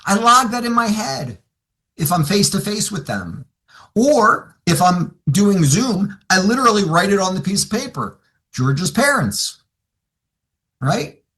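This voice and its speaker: A man's voice: high voice, very animated, a little slow, bright, forceful tone. A man training financial advisors, telling stories and acting out both sides of his client conversations. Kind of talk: seminar talk with acted dialogue.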